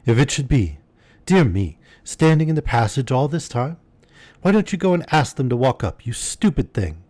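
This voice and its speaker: A man's voice: big pitch swings, moderate pace, darkish tone, dry recording. Fussy flustered genteel mother, as a man puts her on. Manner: flustered, shrill exclamations.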